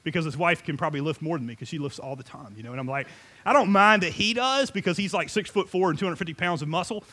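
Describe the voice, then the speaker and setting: A middle-aged man preaching a sermon in an animated, joking, conversational way. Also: on the high side, quick pace. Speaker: pastor.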